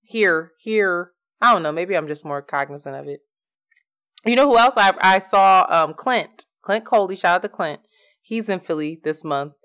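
Animated, slangy Philly woman co-host. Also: fairly low pitch, moderate pace. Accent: Philadelphia. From Philadelphia. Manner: animated, slangy, laughs often. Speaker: podcast co-host. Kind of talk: casual chat. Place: basement, on the floor. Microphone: makeshift setup without her recording gear.

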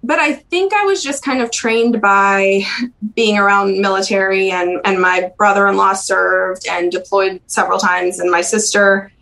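Young woman, interview guest, halting soft-spoken recollection, mid-pitched voice. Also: steady tone, gravelly, poor audio. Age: young adult. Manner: soft-spoken and halting, with frequent ums and restarts. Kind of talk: podcast interview, personal recollection.

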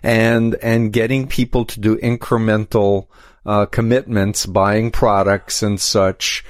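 A man talking as an interview guest, explaining at length in a measured way with frequent restarts. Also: lowish voice, level tone, dry recording, clean studio sound. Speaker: guest, cult expert. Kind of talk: conversational interview.

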